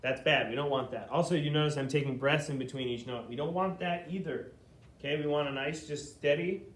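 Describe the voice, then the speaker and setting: A man teaching a beginner flute lesson, explaining hand positions step by step and checking in often with "okay?". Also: on the high side. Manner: patient, explains slowly, checks in with frequent "okay?".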